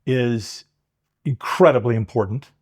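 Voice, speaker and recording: A man's voice: medium pitch, measured pace, a little mellow. A man interviewing his business partner, asking pressing, insistent questions.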